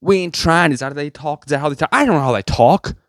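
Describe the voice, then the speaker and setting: A man's voice: animated, very fast, no room sound, clean studio sound. A man delivering a sarcastic, rambling comedic rant to his viewers. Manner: sarcastic, rambling, jumpy pitch. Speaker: vlogger.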